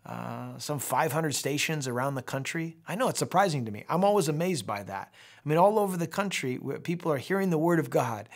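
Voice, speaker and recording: Chatty middle-aged pastor, higher voice. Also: male voice, expressive, a little fast, creaky. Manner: warm conversational teaching, asides to viewers. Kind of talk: daily devotional Bible teaching.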